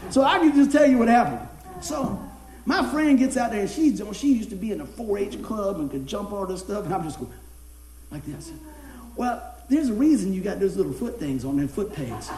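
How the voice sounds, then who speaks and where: A man's voice: very high voice, a little mellow, echoey room. A man preaching a sermon in a folksy way, telling a funny personal story and laughing as he goes.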